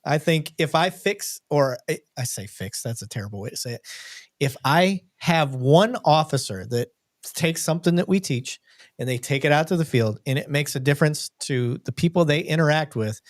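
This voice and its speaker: A man's voice: on the high side, lively intonation, normal speed, no room sound, clean studio sound. A man hosting a livestream, talking casually and reading viewer comments aloud. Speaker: podcast host. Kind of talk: livestream chat.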